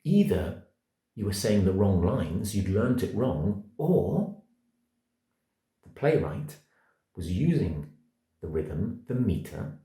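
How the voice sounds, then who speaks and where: A middle-aged Englishman with a low, mellow voice gives an acting masterclass. He leans hard on single words and beats out verse rhythms aloud. The room around him rings a little. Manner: emphatic, words spelled out one by one, rhythmic. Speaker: acting coach. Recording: echoey room.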